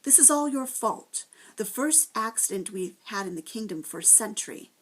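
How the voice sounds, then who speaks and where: A woman's voice: a little high, lively intonation, normal speed, breathy edge. A woman voicing a tall, fussy, snappish creature in a storybook reading. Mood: scolding. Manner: snappish and scolding.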